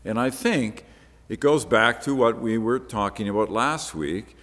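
A male preacher at a middle pitch gives a Bible-teaching sermon. He explains the text step by step in an easy, conversational manner. His voice trails into a long reverb, as if recorded in a large hall.

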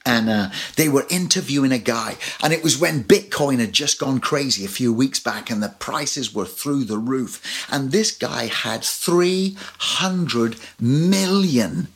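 A man's voice: medium pitch, moderate pace, hardly any pauses, a bit bright, slightly rough. A man preaching a sermon as pastor, telling personal stories with light humor. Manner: storytelling with personal anecdotes and humor.

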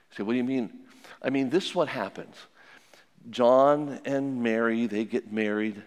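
Older male counselor, folksy, anecdotal, repeats maxims, mid-pitched voice in a big reverberant hall. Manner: plainspoken and anecdotal, with many restarts and repeated maxims. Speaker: family and marriage counselor speaking to an audience. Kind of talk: folksy talk with religious advice.

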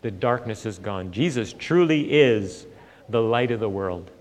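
A man's voice: lowish voice, animated, a little slow. Man preaching in a reverberant church. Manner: storytelling, conversational, many fillers. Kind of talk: sermon. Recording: long hall reverb.

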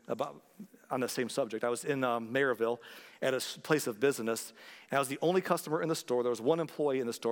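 A man's voice: mid-range voice, a bit bright, big-room sound. A man who is a pastor, preaching a sermon in an earnest, conversational way, rising to emphatic points.

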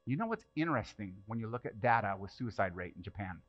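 A man preaching a sermon in church, talking conversationally, throwing rhetorical questions at the congregation, and swinging between loud bursts and hushed asides. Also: on the low side, very animated, fast, dull audio. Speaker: pastor.

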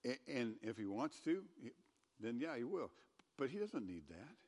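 A man giving a conversational sermon as a pastor, who gets loud and emphatic when he reads scripture aloud. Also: mid-range voice, very animated, moderate pace, in a large hall. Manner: conversational preaching, rising to loud scripture reading.

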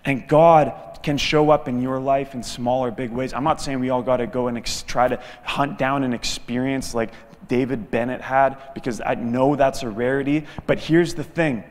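A man preaching a sermon as guest pastor, telling a story with lively delivery and acting out the quoted dialogue. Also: mid-range voice, normal speed, in a large hall.

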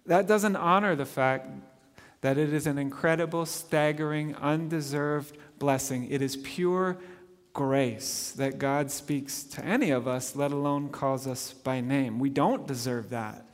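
A man's voice: medium pitch, steady tone, unhurried, big-room sound. A man preaching a sermon in an earnest way, asking the listeners questions as his voice rises and falls. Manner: earnest, swells and drops in volume, asks the listeners questions.

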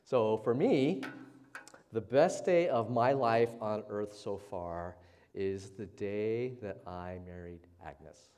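A man preaching a casual, conversational sermon as the pastor in a church service, chatty and relaxed, often tossing in "right?" to the congregation. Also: fairly low pitch, takes it slowly, slight background noise. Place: church sanctuary during a service. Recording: long reverb of a large church hall.

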